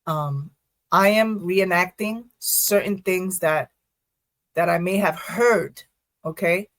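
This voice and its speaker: A woman in a casual interview, a first responder and poet who tells her stories with quick asides and frequent laughter. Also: lowish voice, dry recording. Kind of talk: casual podcast interview talk.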